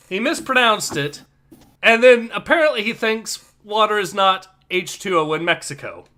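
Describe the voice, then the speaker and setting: A man's voice: sits high, a little slow. A man hosting a livestream, chatting animatedly and reading viewer comments aloud. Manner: animated, laughing, reads chat comments aloud. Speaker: livestream host. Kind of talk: casual commentary chat.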